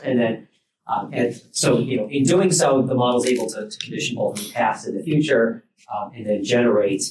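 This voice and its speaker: A man's voice: mid-range voice, fairly quick, darkish tone. A man giving a technical research talk at a workshop, talking loosely with many fillers and restarts. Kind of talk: technical lecture. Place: lecture room at a workshop. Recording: roomy sound, mic at a distance, faint noise.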